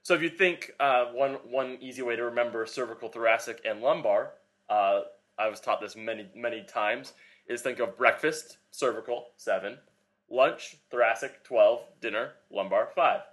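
A man's voice: mid-range voice, moderate pace, a bit bright. Young male trainer co-hosting a podcast, loose rambling explainer, mid-range voice. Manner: rambling, filler-heavy explaining. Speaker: podcast co-host, personal trainer. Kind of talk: casual chat.

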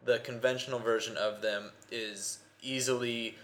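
A man's voice: mid-range voice, fairly even intonation, normal speed, a bit bright. A man co-hosting a casual talk show, easygoing and joking, hedging his points with filler words. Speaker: podcast co-host. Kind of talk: casual chat.

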